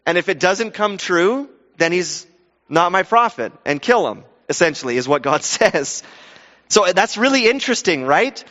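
A man's voice: high voice, moderate pace. Man preaching in an echoing hall. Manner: animated, acts out quoted voices with restarts. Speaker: pastor. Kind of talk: sermon. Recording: dull sound with long hall reverb.

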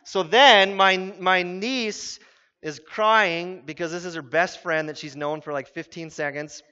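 A man in his thirties preaching a sermon as pastor, telling stories with quick voiced asides. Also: high voice, pushed and bright, clean tone. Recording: muffled sound in a reverberant hall.

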